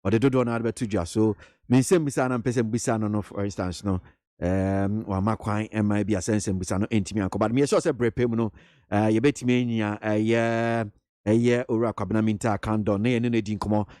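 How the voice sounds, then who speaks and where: A man with a Ghanaian accent hosting a radio talk show, reading out news headlines in a measured way. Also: lowish voice, fairly even intonation, warm tone, no room sound, clean studio sound. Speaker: radio host. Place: radio studio.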